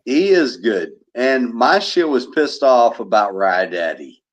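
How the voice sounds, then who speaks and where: A man's voice: mid-range voice, big pitch swings, slow pace. A man co-hosting a casual livestream chat, rambling and repeating himself as he talks.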